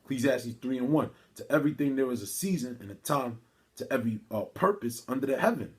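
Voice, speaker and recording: A man giving an informal video sermon, reading scripture haltingly and preaching in casual street talk, calling his listeners "man" again and again. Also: mid-range voice, animated. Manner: reads scripture aloud haltingly, with restarts. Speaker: religious teacher. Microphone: phone or camera mic.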